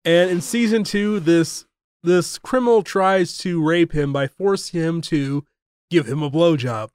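Guy hosting a movie podcast, kinda high voice, jokey, starts over a lot, dry close mic. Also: unhurried, a little mellow, clean tone, no echo. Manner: jokey, trails off and restarts, drops low to quote lines. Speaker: podcast host. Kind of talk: casual movie review chat.

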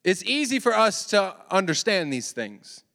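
A high-voiced man preaches with lively energy, tossing joking asides to his listeners. His voice rings through a long hall reverb. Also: measured pace, creaky. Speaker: youth pastor. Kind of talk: sermon.

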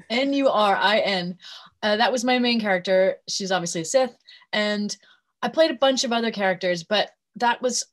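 A woman voice actress talks as a guest on a call, sounding friendly and quick to laugh. Her pitch sits in an ordinary middle range. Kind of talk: casual interview chat.

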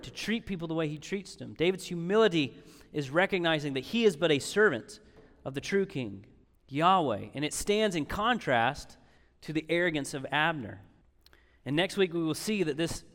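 A man's voice: a little high, fairly bright tone, big-room sound. A man preaching a sermon as pastor, conversational and emphatic, repeating key phrases and slipping in sarcastic asides.

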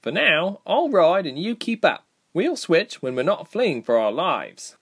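A man's voice: high voice, sing-song, unhurried, husky, pitched above the performer's own voice, exaggerated voice. A man doing a fiery young woman. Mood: urgent.

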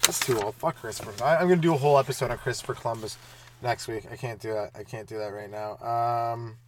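A young man hosting a solo stand-up comedy podcast, talking in a loose, rambling, profane way with quick asides. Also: medium pitch, a little hiss or hum.

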